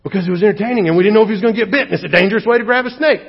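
A male pastor preaching a sermon with animated, humorous storytelling, recorded in a church hall. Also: sits high, rapid-fire, gravelly, slightly rough. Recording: dull echoey hall recording.

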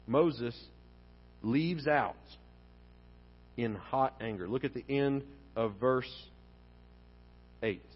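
A male pastor preaching a sermon in a church, speaking in an animated way and acting out the lines of the people in his story. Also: medium pitch, extremely slow, long pauses, husky. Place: church sanctuary. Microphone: wearing a face mask. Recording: dull sound with long hall reverb.

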